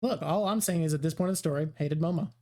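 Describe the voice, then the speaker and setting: A man's voice: on the high side, fast, darkish tone. A man hosting a casual stream, explaining at length in a dry, wry way. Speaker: stream host.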